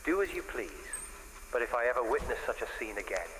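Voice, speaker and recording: A man's voice: medium pitch, sing-song, fast, noisy background, natural voice. An actor playing a reproachful, indignant male doctor confronting a colleague in a game. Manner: reproachful, urgent.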